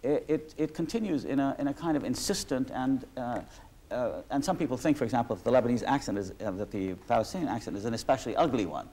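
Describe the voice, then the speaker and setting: A man's voice: medium pitch, animated, fast, warm tone. A man speaking as the interviewee in a reflective conversation, talking in long discursive sentences with frequent restarts and asides. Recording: 1986 archival talk recording.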